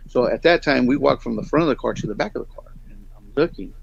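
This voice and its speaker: With vocal fry in his mid-range voice, a middle-aged guest storyteller talks fast through a long, casual, wandering story. He animates it by acting out other people's lines, recorded with dull lo-fi sound.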